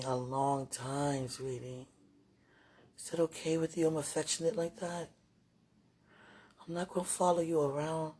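A woman with a husky, breathy voice speaks tenderly to someone she loves, halting and trailing off into murmurs. Her talk is intimate and prayerful, soft and unguarded. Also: low-pitched. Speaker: partner speaking to a loved one. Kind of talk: intimate emotional monologue with prayer.

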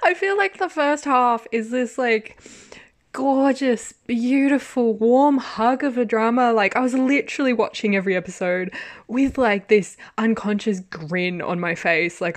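Excitable woman hosting a chatty podcast. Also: a little high, a little slow. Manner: excitable, laughs often, swears casually. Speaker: podcast host. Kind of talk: casual podcast review. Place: home study.

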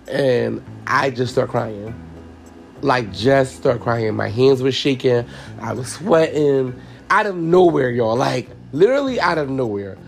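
A young man with a gravelly, creaky voice who talks to his listeners as y'all. He tells a personal story frankly and emotionally, swearing freely and without any polish. Faint music plays underneath. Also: medium pitch. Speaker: podcast host and hairstylist.

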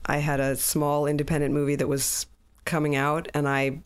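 A woman's voice: sits low, level tone, moderate pace, clear, resonant tone. A woman being interviewed as a guest, answering casually and conversationally.

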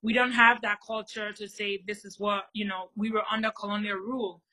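Bright-voiced Liberian woman explaining. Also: mid-range voice, a little fast, poor audio. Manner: animated storyteller, explains with examples. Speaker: guest. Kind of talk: conversational interview.

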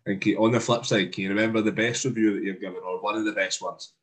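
A man's voice: lowish voice, steady tone, fast, fairly bright tone. A man interviewing a guest, asking brief, probing questions in casual conversation.

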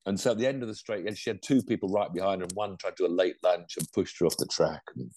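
Older guy chatting motorsport, low mellow voice, dry close sound. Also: fast talker, slight background noise. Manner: animated, rambling, lots of restarts and laughs. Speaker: co-host of a motorsport show. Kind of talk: casual roundup chat.

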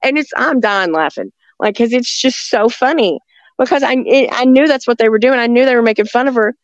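A woman telling stories in a rambling, halting way, with many restarts, talking from a rural home near the woods. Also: on the high side, no room sound, highs cut off. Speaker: guest telling encounter stories. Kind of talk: casual storytelling on a call-in show.

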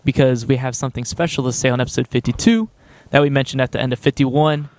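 A young man opens a podcast episode in an upbeat, joking way and pushes the audience to subscribe. His voice sits at an ordinary middle pitch. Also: steady tone, quick pace, darkish tone, a little hiss or hum. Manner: upbeat, promotional, jokey. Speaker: podcast host. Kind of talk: casual podcast intro chat.

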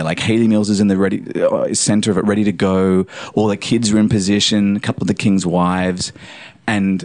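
A man telling a vivid, animated story in casual chat, swearing freely. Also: lowish voice, dry recording.

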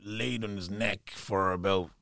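A man's voice: on the low side, steady tone, a little slow, vocal fry, fairly bright tone, no room sound, studio quality. A man, a guest telling rambling, laughing stories in a casual chat. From Ireland. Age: 30s. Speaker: podcast guest.

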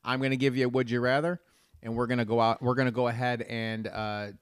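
A man's voice: mid-range voice, little pitch movement, fast talker, clean tone, dry recording. A man co-hosting a food podcast, talking in an easygoing way and laughing often during casual chat. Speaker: podcast co-host.

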